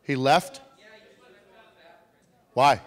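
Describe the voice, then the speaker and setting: A man's voice: medium pitch, extremely slow, in a large hall. A man giving a comedic motivational talk to a youth audience, playful and teasing with the crowd. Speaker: motivational speaker.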